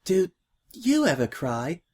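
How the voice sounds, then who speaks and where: A man's voice: sits high, huge pitch swings, slow pace, darkish tone, voice pushed up, exaggerated voice. A man voicing a timid, prim young filly who speaks politely and formally, hesitant and tearful.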